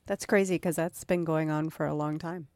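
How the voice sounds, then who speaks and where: A woman's voice: low voice, fairly even intonation, moderate pace, darkish tone, dry recording. A woman joining a casual podcast chat, speaking a little tentatively and laughing often.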